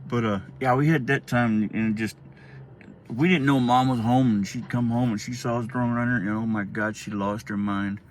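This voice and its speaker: A man's voice: medium pitch, fairly even intonation, moderate pace. Rambling man telling stories. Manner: rambling, laughing often, acting out quotes. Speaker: vlogger telling a childhood story. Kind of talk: casual storytelling. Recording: faint background noise.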